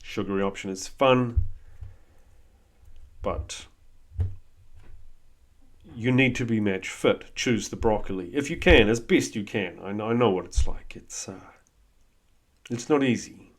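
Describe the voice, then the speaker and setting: Guy, lowish voice, swearing a lot, blunt pep-talk vibe. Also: measured pace, long pauses. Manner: blunt, swears freely, coaching tone. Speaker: host. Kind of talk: motivational monologue.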